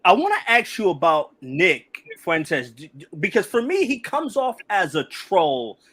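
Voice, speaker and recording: Lively male co-host in his thirties. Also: high-pitched, unhurried. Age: 30s. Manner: lively, asks questions. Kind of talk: casual talk show chat.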